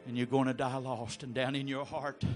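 A man preaching an altar call, pleading and swinging from low murmurs to shouted appeals. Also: little pitch movement, moderate pace, faint music behind. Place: church sanctuary.

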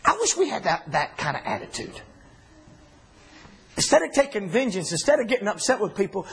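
High husky-voiced Bible teacher man. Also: brisk, pauses often. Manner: animated, folksy, repeats himself.

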